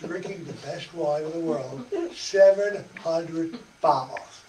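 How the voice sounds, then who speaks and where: Speaking slowly in a voice on the high side, a man leads a folksy church study group, chatting, laughing and acting out dialogue. The recording comes from far off in an echoey church meeting room, with faint hiss.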